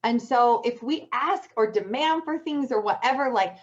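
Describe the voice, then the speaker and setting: A woman's voice: on the high side, lively intonation, moderate pace. A woman hosting a live stream who laughs often and reads out viewer comments. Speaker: host. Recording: slightly dull lo-fi sound.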